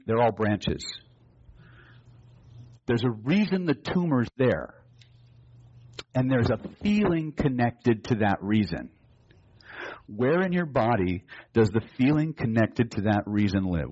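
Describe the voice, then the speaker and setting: A man's voice: on the low side, a little mellow, highs cut off. A man teaching a live seminar, telling a story and acting out both sides of the dialogue, to a room of students. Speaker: hypnosis and NLP trainer.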